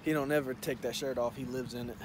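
A man's voice: mid-range voice, fast talker. A young man vlogging outdoors in casual chat, joking and telling stories with lots of laughter. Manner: joking, laughs a lot, animated storytelling. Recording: noisy outdoor street ambience.

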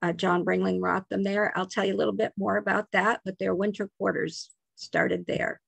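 Gravelly-voiced woman giving a history talk. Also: mid-range voice, level tone, moderate pace, no room sound. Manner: informal, chatty asides and self-corrections. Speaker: museum program manager. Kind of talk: slide presentation lecture.

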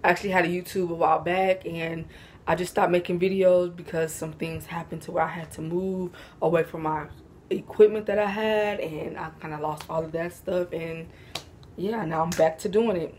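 A woman's voice: fairly low pitch, fairly even intonation, moderate pace, darkish tone, a little hiss or hum. Sleepy, laid-back young woman vlogging. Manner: laid-back, slangy, giggly. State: sleepy, yawning. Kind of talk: casual Q&A chat to camera.

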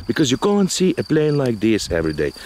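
A man's voice: mid-range voice, wildly swooping pitch, fairly quick. A man with a Slovenian accent filming outdoors on a handheld camera, joking and teasing in casual chat, laughing often and tagging "eh?" onto his lines. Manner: teasing, laughs a lot, tags "eh?". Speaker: co-host filming the flight. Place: outdoors at a flying field. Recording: loud outdoor noise, crickets.

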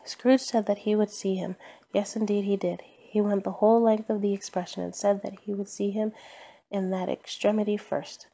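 A woman reading a classic story aloud at bedtime, calm and measured. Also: mid-range voice, gravelly.

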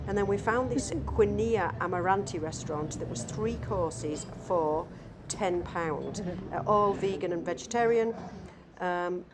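A woman narrating a casual travel vlog, chatty and relaxed with frequent ums. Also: fairly low pitch. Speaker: travel vlogger. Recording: background noise.

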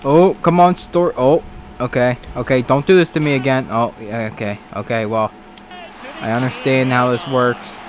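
A man giving casual let's-play commentary on a baseball video game, excitable, swearing and talking back to the game. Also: medium pitch, moderate pace. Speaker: gaming commentator.

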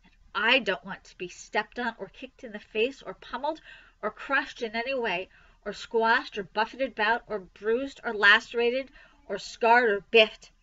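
A woman voicing a fussy, sarcastic male rat in a storybook reading, fastidious and complaining. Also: a little high, bright, forceful tone, muffled recording.

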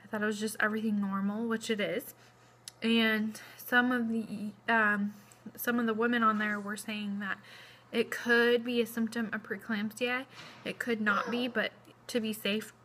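A young pregnant woman talks into her phone camera in a casual vlog, rambling with lots of fillers and a slightly breathless edge. Her voice is a little high and quite bright. A faint hiss sits under the recording. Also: normal speed. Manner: chatty, rambling, many fillers. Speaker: vlogger. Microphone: phone camera close up.

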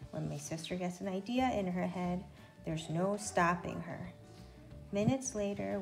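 A woman reading a children's book aloud in an expressive, lively narration. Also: lowish voice, vocal fry. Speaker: storybook reader.

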